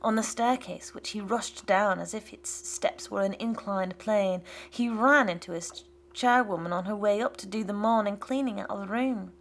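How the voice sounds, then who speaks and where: Woman narrating in a hushed half-whisper. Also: mid-range voice, moderate pace, a little hiss or hum. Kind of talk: scripted narration of a literary story.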